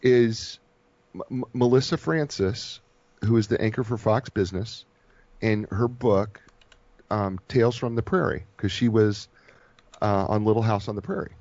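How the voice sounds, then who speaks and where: A man's voice: on the low side, moderate pace, a little mellow, dry recording, muffled recording. A man co-hosting a radio show in casual chat, rambling and effusive, often stumbling and repeating his words. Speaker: radio co-host.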